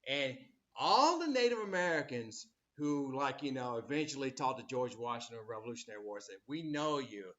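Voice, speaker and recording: A man's voice: mid-range voice, lively intonation, a little fast, few pauses, sharp tone, muffled recording. A man teaching a history class, rambling with many fillers and acting out quotes as he lectures.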